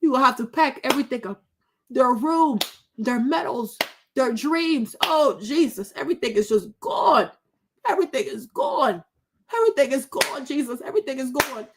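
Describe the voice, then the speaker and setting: A woman's voice: high voice, animated, moderate pace, noisy background. A woman in her thirties hosting a vlog, giving emotional commentary, tearful at times and repeating her phrases over and over. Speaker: vlog host.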